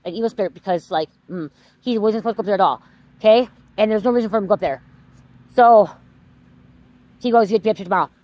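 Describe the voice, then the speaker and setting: Woman tarot reader ranting fast on her vlog, swears a lot, keeps saying okay. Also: mid-range voice, dark tone, no echo, poor audio. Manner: venting, repeats "okay?", swears often. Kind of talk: casual vlog rant.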